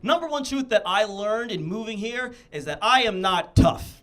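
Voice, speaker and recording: Young male stand-up comic from the Midwest, high and highly animated delivery, acts out his quotes. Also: a little fast, few pauses, a crowd in the background. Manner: animated storytelling with exaggerated quoted voices. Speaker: stand-up comedian. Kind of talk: stand-up comedy set. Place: comedy theatre stage before a live audience.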